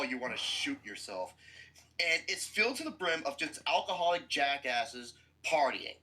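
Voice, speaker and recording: A man's voice: on the high side, sharp tone, poor audio. A man hosting a podcast who gives a blunt, profane movie review with explosive outbursts.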